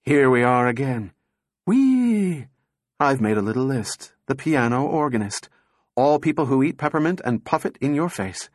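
A man's voice: mid-range voice, sing-song, moderate pace, a little mellow, dry recording, clean studio sound. A man voicing a giddy, crack-brained male robot that whoops and rambles in a sing-song way. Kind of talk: audiobook character voice.

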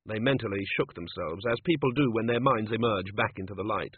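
A man's voice: on the low side, fairly quick, hardly any pauses, slightly rough. A man narrating a comic fantasy story in a dry, wry manner. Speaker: audiobook narrator. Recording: phone-like lo-fi recording.

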